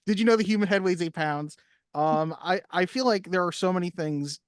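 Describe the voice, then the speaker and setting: A man co-hosting a casual film podcast, talking at length and acting out movie lines with lively emphasis. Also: high voice, brisk, no echo, clean studio sound. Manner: animated, acts out movie lines. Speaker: podcast co-host.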